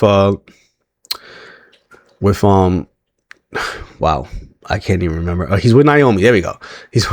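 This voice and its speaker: Guy with a lowish voice rambling through a recap, lots of ums and little laughs, dry close mic. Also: no echo. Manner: rambling, frequent fillers and self-corrections, chuckles while retelling. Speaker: wrestling recap vlogger. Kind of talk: casual spoken recap.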